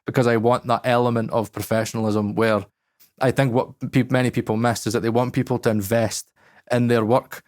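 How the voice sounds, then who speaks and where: A man's voice: mid-range voice, flat delivery, brisk, a little mellow, no room sound, clean studio sound. A Scottish man co-hosting a podcast in casual, blunt chat, swearing freely. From Scotland. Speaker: podcast co-host.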